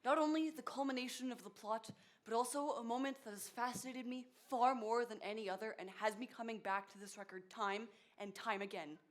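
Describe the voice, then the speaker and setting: A woman playing a lonely middle-aged man who narrates a stage musical, rambling and confiding to the audience with halting restarts. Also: a little high, fairly even intonation, natural voice. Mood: wistful. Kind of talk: stage acting, chatty monologue to the audience.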